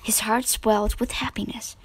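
A woman reading a children's storybook aloud as narrator, slow and measured. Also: fairly high pitch, flat delivery, slightly rough, no room sound, whispered, rough recording.

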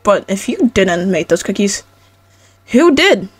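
A woman's voice: medium pitch, big pitch swings, unhurried, breathy edge, dry recording. A woman reading the lines of a tearful, bubbly young pony mare in a shaky, pleading voice. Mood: confused.

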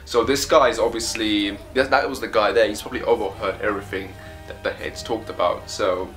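Low-voiced man chatting through a comic read. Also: steady tone, brisk, fairly bright tone, soft background music. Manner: chatty, enthusiastic, with hesitations. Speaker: reaction video host reading a comic aloud. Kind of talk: casual live reading and commentary.

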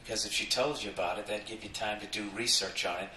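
Brief: lowish male podcast storyteller, profane rants, echoey distant playback. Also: fast, a little hiss or hum. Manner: profane, animated, jumps into loud acted quotes. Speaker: podcast host. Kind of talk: comedic storytelling monologue.

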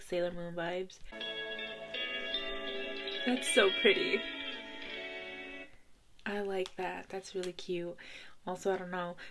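A woman of twenty-five giving casual reaction commentary from her bedroom at night, gushing and giggling, often sinking to a hushed whisper. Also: fairly low pitch. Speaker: video creator reacting to a music video.

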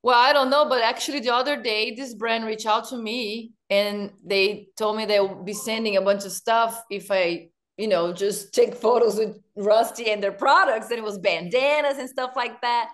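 Brazilian-accented woman guest, fairly high voice, chatty and animated. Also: normal speed, few pauses. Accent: Brazilian Portuguese. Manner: animated, laughs often. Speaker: podcast guest. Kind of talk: casual chat.

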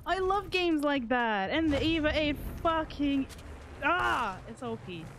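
A young woman giving casual, excitable commentary over her own gameplay as a gaming streamer, swearing freely and humming between sentences. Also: high-pitched, measured pace, slight background noise.

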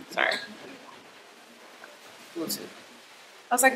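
A woman's voice: deep voice, animated, moderate pace, pauses often, noisy background. A young woman, retelling a personal experience in a conversational, emotional way with many fillers. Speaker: vlogger. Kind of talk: personal storytelling.

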